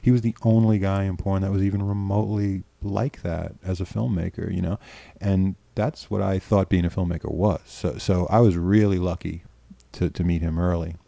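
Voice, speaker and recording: Guesting in a casual storytelling interview, a middle-aged New York filmmaker rambles on a close podcast mic, repeating words, restarting, and swearing freely. His low-pitched, gravelly, mellow voice has fairly even intonation at normal speed with few pauses, and there's no room sound.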